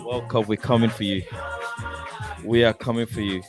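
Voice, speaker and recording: Hyped guy on a football fan stream, loud, sings along sometimes, music in the back. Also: medium pitch, normal speed. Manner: excited, shouting and singing along. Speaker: football channel host. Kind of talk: livestream chat. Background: music playing.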